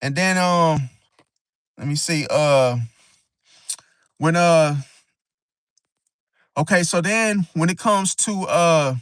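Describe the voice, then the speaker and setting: Casting: man, slightly high voice, AAVE speech, rambling talk-show host with frequent restarts, dry mic. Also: a bit bright, clean tone, dry recording. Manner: rambling, halting, frequent "see?" tag. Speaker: astrology channel host. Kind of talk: casual livestream talk.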